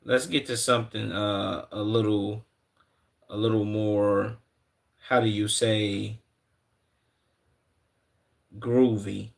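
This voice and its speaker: A man's voice: on the low side, level tone, slow, gravelly, pauses often. A young man streaming live, reacting to videos and talking loosely with his chat in heavy slang. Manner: loose slangy talk, greets chat viewers.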